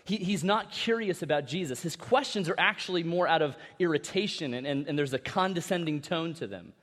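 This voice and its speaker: A man preaching a sermon as pastor, in a conversational style with animated asides and repeated words. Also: on the high side, brisk. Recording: long reverb of a large hall.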